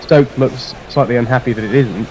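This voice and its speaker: A man's voice: mid-range voice, darkish tone, slight background noise, poor audio. A man giving chatty live ball-by-ball cricket commentary on a radio stream. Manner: chatty, quick to laugh, mixes play calls with plugs.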